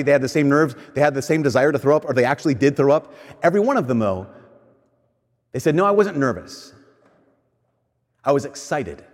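A man delivering a conversational sermon as a pastor, slowing down for emphatic lines and speeding up through quick asides. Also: medium pitch, a little mellow. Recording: long hall reverb.

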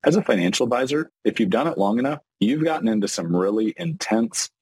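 A man hosting a podcast interview, a financial advisor talking animatedly and acting out quick examples. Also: mid-range voice, breathy edge, no echo, poor audio. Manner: animated, talks in quick bursts with acted-out examples.

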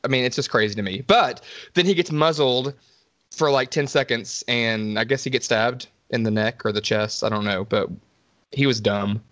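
A man's voice: medium pitch, moderate pace, a bit bright, no echo. A man co-hosting a podcast, recapping a slasher movie in a rambling, sarcastic way, swearing and laughing often. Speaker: podcast co-host. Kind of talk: casual movie recap chat.

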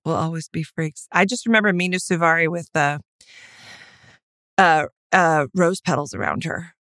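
A woman's voice: low voice, normal speed, a bit bright, dry recording, studio quality. A woman co-hosting a casual podcast chat, playful and wry, poking fun at herself as she guesses movie quotes. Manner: playful, wry, self-mocking. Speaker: podcast co-host.

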